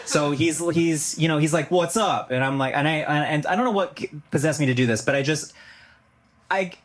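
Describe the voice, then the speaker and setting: A man telling a crude, profane story stand-up style, animated and laughing as he goes. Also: on the high side, moderate pace.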